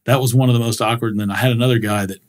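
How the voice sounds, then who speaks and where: A man talking as a guest in an interview, telling animated anecdotes and laughing often. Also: mid-range voice, racing. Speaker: commercial real estate broker guest. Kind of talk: casual interview storytelling.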